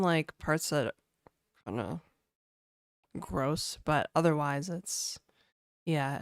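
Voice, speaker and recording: A woman's voice: low voice, clear, resonant tone, no echo, clean studio sound. A woman game developer streaming and chatting casually, laid-back and talkative, often laughing and saying "like" and "dude". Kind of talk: casual livestream chat.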